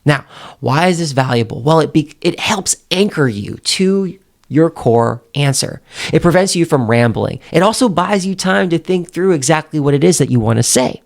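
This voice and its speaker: A man teaching confident speaking as a coach, pausing for effect and acting out example sentences. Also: on the high side, expressive, creaky. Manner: demonstrates intonation with example sentences; emphatic, pauses for effect. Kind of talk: instructional talk.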